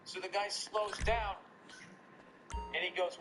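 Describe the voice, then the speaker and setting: A man hosting a podcast, telling a story in casual chat, profane and animated as he rants. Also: high-pitched, slow pace, music in the background, poor audio. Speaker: podcast host.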